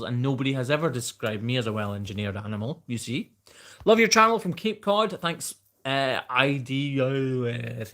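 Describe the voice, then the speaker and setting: A man's voice: mid-range voice, a bit bright. Chatty man with a mild Scottish accent. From Scotland. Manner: chatty, reading viewer questions aloud and answering off the cuff. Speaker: host. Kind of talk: live Q&A stream.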